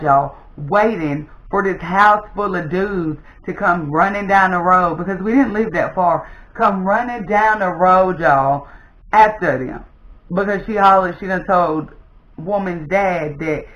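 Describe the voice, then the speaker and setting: Chatty woman storyteller, lively delivery, recorded in a roomy space on a slightly muffled mic. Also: fairly low pitch. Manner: animated, addresses viewers as "y'all". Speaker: storytime vlogger. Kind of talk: casual storytelling.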